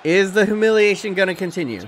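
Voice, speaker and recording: A man hosting a live watchalong stream, commentating excitedly and profanely, shouting at big moments and chatting with his viewers. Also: high-pitched, fast. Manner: talks to his chat and thanks viewers.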